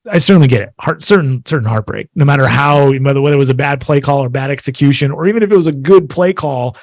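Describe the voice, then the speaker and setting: A man's voice: medium pitch, quick pace, dry recording. A man in his forties chatting casually about sports, rambling with lots of fillers. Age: 40s. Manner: rambling, filler-heavy storytelling.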